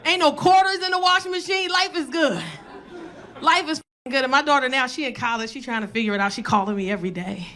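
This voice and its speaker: A woman's voice: high-pitched, fast. A brash, profane woman in her thirties with a New York accent, doing stand-up comedy and teasing the crowd on a club stage. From South Bronx, New York. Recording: live club recording with loud crowd laughter.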